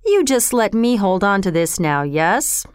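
A woman's voice: medium pitch, very animated, a little slow, clear, resonant tone, no room sound, studio quality. A woman reading a storybook aloud, voicing a scheming old male thief leader who talks in an oily, falsely tender way. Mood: wheedling.

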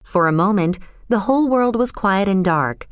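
Female audiobook narrator, smooth and crisp, measured delivery, dry close sound. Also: medium pitch, animated, dry recording.

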